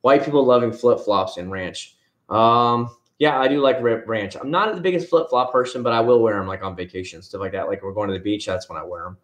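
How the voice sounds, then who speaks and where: A man's voice: lowish voice, a little fast, a bit bright. A man hosting a casual livestream from home, rambling and answering viewers' comments by name. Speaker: livestream host. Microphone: headset.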